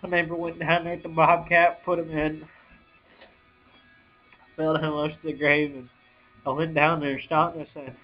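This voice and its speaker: A young man telling a personal story on a home video, choked up and near tears, talking in halting bursts with sighs and restarts. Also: fairly high pitch, little pitch movement, faint music behind. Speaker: vlogger. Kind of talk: emotional personal account. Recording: dull lo-fi home video audio.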